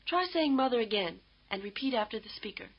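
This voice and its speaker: A fairly high-voiced woman reading scripted lesson instructions in a measured, explanatory way. The sound is dull and lo-fi, like old course audio. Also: expressive, breathy edge. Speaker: language course narrator.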